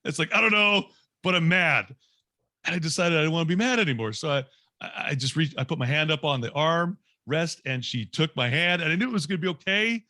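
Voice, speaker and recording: A man's voice: a little high, expressive, fast talker, pushed and bright, dry recording, clean studio sound. Candid man in his forties telling a story. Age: 40s. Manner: candid, self-mocking anecdote. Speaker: guest speaker. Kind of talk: storytelling talk to a group.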